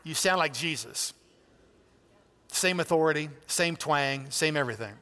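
A man's voice: a little high, measured pace, long pauses, sharp tone, in a large hall. A man pastor preaching a sermon in a church, in a conversational, emphatic way with direct appeals to listeners. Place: church sanctuary.

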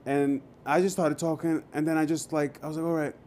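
Man with a dark, mellow voice. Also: a little high, fairly quick, a little hiss or hum. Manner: animated, loose, swears freely, acts out quoted dialogue. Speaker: actor, guest. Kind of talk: casual storytelling.

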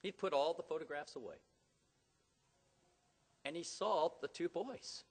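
A middle-aged man preaching a sermon in a church, telling stories dramatically and rising to loud emphatic peaks. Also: a little high, a little slow. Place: church hall. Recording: long hall reverb.

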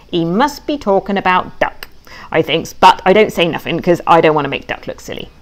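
Animated woman reading a children's story. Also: medium pitch. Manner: animated, childlike pig narrator voice with playful bad grammar. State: tearful at moments. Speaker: author reading her own book.

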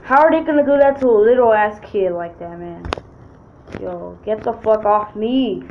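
A young woman giving casual, profane gameplay commentary as a YouTuber, excitable and full of slang. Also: medium pitch, normal speed, lo-fi sound, slight background noise. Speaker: gaming YouTuber.

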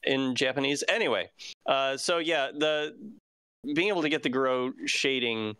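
A man's voice: medium pitch, moderate pace, sharp tone, clear, resonant tone, no echo. A man hosting a casual live-stream news chat, rambling with many fillers and restarts. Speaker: show host.

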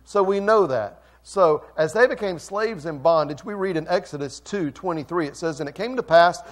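A man's voice: on the high side, moderate pace. Emphatic male pastor preaching. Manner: emphatic preaching, swings from quiet to loud; repeats phrases for emphasis. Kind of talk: sermon.

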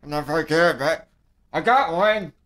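Man voicing a lively, high-pitched goof in a homemade comedy bit. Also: normal speed, echoey room, soft background music. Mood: sheepish. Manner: silly, simple-minded remarks. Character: goofy, dim-witted young male horn player. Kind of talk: homemade comedy audio skit.

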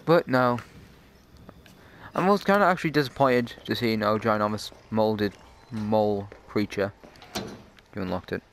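A man's voice: lowish voice, measured pace, gravelly, long pauses, a little hiss or hum. A man casually commenting while playing a horror game, chatty and jokey. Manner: chatty, jokey, easily startled. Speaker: gamer.

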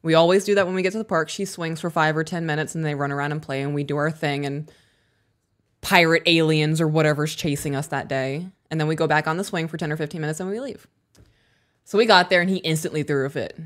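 Low-voiced woman podcast co-host. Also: fast talker. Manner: candid, animated storytelling, swears freely. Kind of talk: casual podcast chat.

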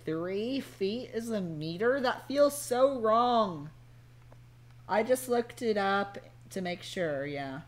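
A woman streamer plays a game while chatting casually with her audience, joking and bantering with chat and her cohost. Her mid-range voice is animated and slow.

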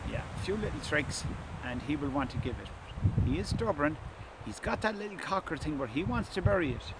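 Dog trainer outdoors in wind. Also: male voice, on the high side, fairly quick. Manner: calm, speaks softly to the dog between explanations. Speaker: gundog trainer. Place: outdoors in a field or lane. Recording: windy outdoor recording with loud background noise.

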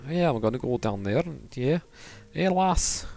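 A man's voice: medium pitch, expressive, unhurried, gravelly, mellow, pitched above the performer's own voice. A man putting on a cheery Scottish brogue. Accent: Scottish, as imitated.

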